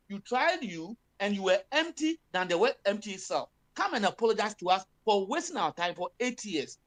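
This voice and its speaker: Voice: medium pitch, fairly bright tone. Emphatic Ghanaian political commentator. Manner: mixes Twi and English, heavy fillers, emphatic. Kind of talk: impassioned political talk.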